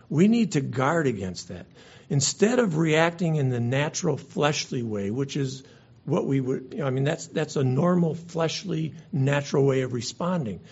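A pastor delivers a sermon earnestly and conversationally, now and then restarting his words. His voice is on the high side, a little mellow and slightly rough, with vocal fry, heard through a dull lo-fi recording.

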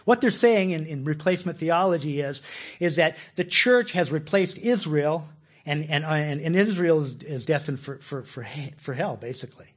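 A man's voice: on the high side, lively intonation, moderate pace. A man preaching a sermon as a pastor, emphatic and asking questions of his listeners. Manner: emphatic, asks questions of the congregation.

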